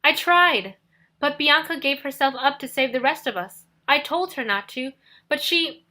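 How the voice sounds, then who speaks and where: A woman's voice: high voice, moderate pace, pushed and bright, pitched above the performer's own voice. A woman voicing a desperate teenage boy hero who pleads and urges others. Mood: pleading. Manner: urgent, pleading.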